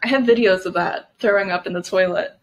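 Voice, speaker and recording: Speaking a little fast at medium pitch, this podcast co-host, a woman in her twenties, spins stories in easygoing conversation, laughing and cursing along the way. The audio quality is poor.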